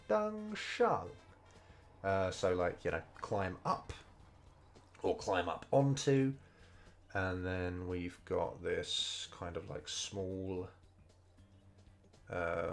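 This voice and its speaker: Slow, low-voiced man thinking aloud. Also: gravelly. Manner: hesitant, thinking aloud with many fillers; slow, unhurried delivery. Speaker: streamer learning Mandarin. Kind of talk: casual study commentary over gameplay. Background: faint game music.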